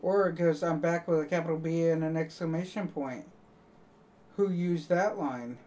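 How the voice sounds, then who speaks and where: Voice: medium pitch, normal speed, warm tone, distant mic. A live streamer chatting casually to viewers, rambling and joking, laughing at their own jokes.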